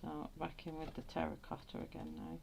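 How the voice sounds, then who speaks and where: A woman with a deep, creaky voice hosts a colouring livestream from home, talking a little fast in a completely flat delivery. She chats casually, laughs often, and reads viewer comments between strokes, over noisy audio full of pencil clicks.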